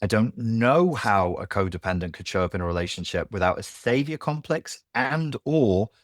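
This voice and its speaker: A man speaking as a podcast guest in a candid conversation, blunt and animated, who swears freely. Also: lowish voice, moderate pace, dry recording, clean studio sound. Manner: blunt and animated, swears, acts out quoted voices.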